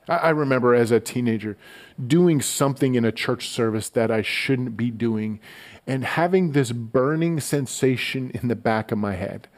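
Man preaching in a chatty way. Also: medium pitch. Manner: conversational, relaxed storytelling with frequent stammered word repeats. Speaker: pastor. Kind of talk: sermon.

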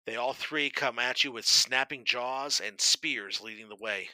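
Bright, dry-miked male game master narrating combat steadily. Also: mid-range voice, no echo, low-quality recording. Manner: steady, descriptive narration with brisk rule calls.

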